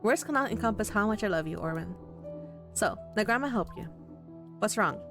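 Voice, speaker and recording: Lady doing a fond grandma voice, low and steady, soothing but firm, faint game music behind. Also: a little fast, natural voice. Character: warm, doting grandmother, older woman. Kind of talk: visual novel voice acting.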